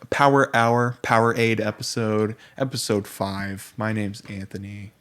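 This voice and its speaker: A man's voice: on the low side, fairly even intonation, gravelly, a bit bright. Young male podcast co-host, playful and joking, casual chat. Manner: joking, playful, quick banter.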